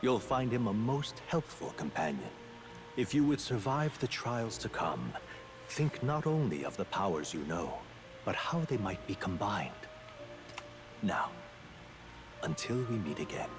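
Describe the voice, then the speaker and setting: An actor playing a formal, courtly male mentor in a video game, speaking in measured, old-fashioned phrases over game music. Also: on the low side, very animated. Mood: courteous. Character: courtly male mentor figure guiding the hero. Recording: game audio played on a stream, music under it.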